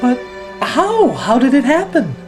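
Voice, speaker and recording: A man putting on a breathless, dreamy voice as someone waking from a dream, then bursting into shouting. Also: very high voice, wildly swooping pitch, unhurried, music in the background, pitched above the performer's own voice, heavily acted, poor audio. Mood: dazed.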